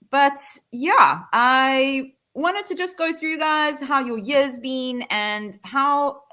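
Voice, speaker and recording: A woman's voice: mid-range voice, bright, forceful tone. A middle-aged South African woman hosting a live online panel over a video call, chatty, with many fillers. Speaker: host.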